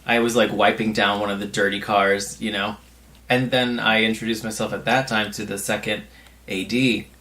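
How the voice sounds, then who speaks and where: A man's voice: lowish voice, little pitch movement, moderate pace, pushed and bright. A man on a podcast, chatting casually and rambling through anecdotes with lots of filler words.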